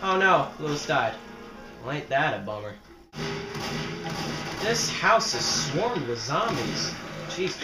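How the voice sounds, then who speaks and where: A young man giving let's play commentary, joking and yelling at his teammates while he plays. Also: a little high, measured pace, pauses often, echoey room, music in the background. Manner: excitable, yells at teammates, joking. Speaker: gaming commentator.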